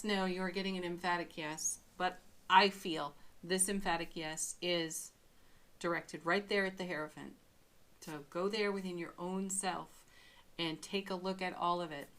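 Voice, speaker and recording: A woman giving a daily tarot card reading, gentle and affirming, with frequent soft laughs. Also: mid-range voice, a little hiss or hum.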